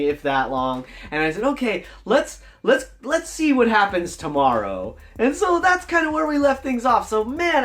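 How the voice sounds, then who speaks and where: A man vlogging about running a tabletop game, telling the story in an enthusiastic, animated way. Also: high voice. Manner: animated, enthusiastic, jumps between voices. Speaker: dungeon master, tabletop gaming vlogger. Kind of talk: casual storytelling vlog.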